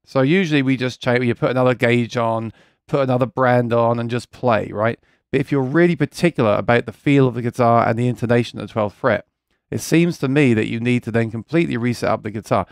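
A man's voice: mid-range voice, brisk, creaky, no echo, clean studio sound. A man hosting a casual live chat about music gear, rambling and reading viewer comments aloud, earnest and keen about guitars. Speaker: livestream host.

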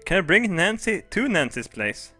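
Excitable crude man doing game commentary. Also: high-pitched, normal speed, faint music behind. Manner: excitable, crude, shrieks and laughs loudly. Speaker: gaming video host. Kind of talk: let's play commentary.

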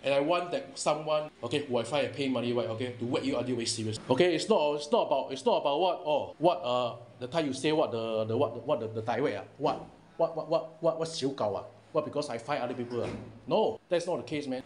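A worked-up man with a Singaporean English accent talks into his phone in quick, heated bursts. He keeps circling back with "okay?" after almost every phrase. A faint hum sits under the voice message. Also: medium pitch. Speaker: chat group member. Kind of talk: angry voice-message rant.

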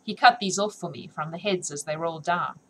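A woman voicing a coarse, mocking old market hag in a read-aloud story, lowering her voice for the jeers. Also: fairly quick, slight background noise, close to an everyday voice, poor audio. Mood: sly. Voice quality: coarse, jeering.

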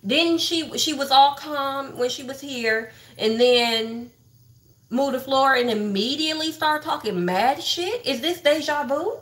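A woman's voice: high-pitched, unhurried, a bit bright. A woman hosting a livestream, gossiping bluntly and profanely about online drama straight to her viewers. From Texas. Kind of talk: casual livestream commentary.

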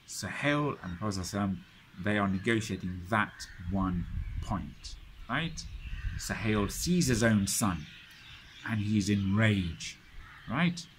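A man's voice: on the low side, fairly bright tone, a little hiss or hum. A man teaching a study circle, retelling history dramatically with many restarts and frequent checks of "right?". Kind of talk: lecture storytelling.

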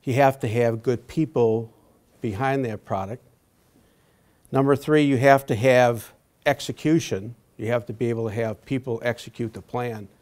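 A man in his sixties giving a prepared talk to a university audience, halting often with fillers and restarts. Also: medium pitch, steady tone, darkish tone. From Wisconsin. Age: 60s. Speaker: guest speaker.

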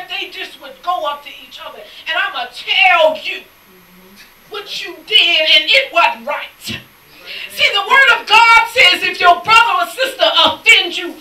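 Lady preacher, super high bright voice, shouting her story from across an echoey church. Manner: animated storytelling, acts out quoted people; shouts and laughs between lines. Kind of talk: sermon. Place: church sanctuary. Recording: echoey church sound from a distant mic.

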